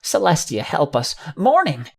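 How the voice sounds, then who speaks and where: A man voicing a brave adult mare pony in an audiobook, shouting urgently. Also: deep voice, wildly swooping pitch, measured pace, gravelly, husky, pitched above the performer's own voice, full character voice. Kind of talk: audiobook character voice.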